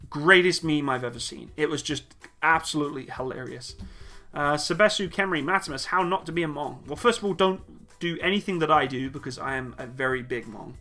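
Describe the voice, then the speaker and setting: Bright-voiced man on a live stream. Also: fairly high pitch, brisk. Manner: jokey, laid-back, laughs easily. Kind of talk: casual live Q&A, reading chat questions aloud. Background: faint upbeat music.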